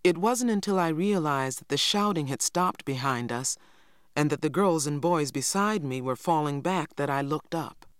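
Smooth-voiced man reading a story. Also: on the high side, expressive, normal speed, no room sound, clean studio sound. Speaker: audiobook narrator. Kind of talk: scripted narration.

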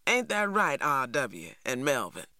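A reader voicing a boastful, needy teenage boy, talking loud and wheedling. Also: medium pitch, huge pitch swings, unhurried, no room sound, studio quality, heavily acted.

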